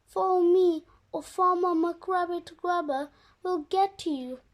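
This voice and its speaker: A young reader voicing a nervous little boy rabbit, urging and hushing. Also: extremely high pitch, slow pace. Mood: urgent. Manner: urgent, hushed warnings.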